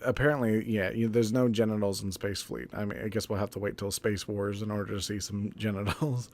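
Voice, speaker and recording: Male reviewer, lowish voice, relaxed and chatty, quick to laugh, casual swearing. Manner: loose and chatty, laughs often, swears freely. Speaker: TV episode reviewer. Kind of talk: casual spoken review recap.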